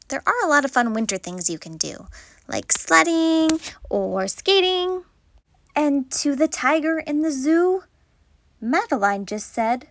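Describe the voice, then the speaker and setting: High, lively woman reading to kids. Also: unhurried. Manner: teacherly, coaxes children to repeat and join in. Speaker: children's storytime reader. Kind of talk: reading a picture book aloud to kids.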